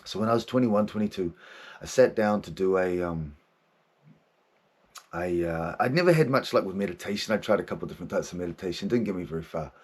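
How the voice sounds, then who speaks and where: A man's voice: low-pitched, expressive, quick pace, a little mellow, breathy edge. A man in his thirties, a podcast host and therapist, talking candidly in a casual monologue, swearing often and laughing as he goes.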